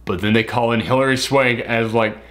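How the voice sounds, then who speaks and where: A man's voice: mid-range voice, fairly even intonation, fairly quick, fairly bright tone. A man co-hosting a casual movie review, rambling and laughing at his own mix-ups, sleep-deprived. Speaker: film review co-host.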